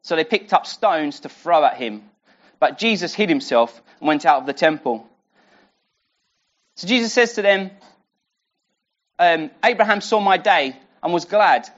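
A preacher talks through a Bible passage in a loose, conversational way. The voice sits at a middling pitch and often restarts sentences and poses rhetorical questions to the listeners. The recording sounds muffled and lo-fi. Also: lively intonation, unhurried, pauses often, a bit bright. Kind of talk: sermon teaching a Bible passage.

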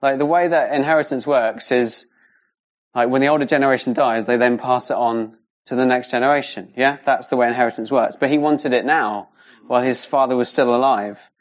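A man's voice: medium pitch, fairly quick. A man leading an informal Bible teaching, talking casually with many fillers and tag questions. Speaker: Bible study leader. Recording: slightly dull lo-fi recording.

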